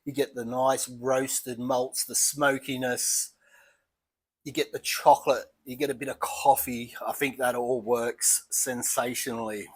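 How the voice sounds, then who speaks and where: An Australian man reviewing beer in a casual home vlog, chatty and relaxed, talking as he eats and drinks. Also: medium pitch, a little slow, breathy edge. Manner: relaxed, chatty, thinking aloud while eating and sipping.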